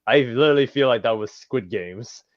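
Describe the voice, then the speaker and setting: A man's voice: medium pitch, moderate pace, no room sound, lo-fi sound. A man as a guest in a casual chat, rambling with many fillers. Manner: rambling, heavy fillers like "you know".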